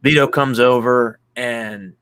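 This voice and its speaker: A young man recaps a film for a casual podcast, his voice sitting at an ordinary middle pitch. He rambles, leans on "like," and slips into little acted-out quotes as he goes. The sound is close and dry, with no room around it. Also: fairly even intonation, slow, a bit bright, clear, resonant tone, no echo. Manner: rambling, heavy use of "like", acts out quotes. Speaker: podcast co-host. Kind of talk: casual movie recap chat.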